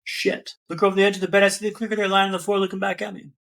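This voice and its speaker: A man's voice: high voice, little pitch movement, racing, gravelly, a bit bright. A man, a podcast guest telling a dramatic personal story with a vivid, rhythmic build and repeated phrases.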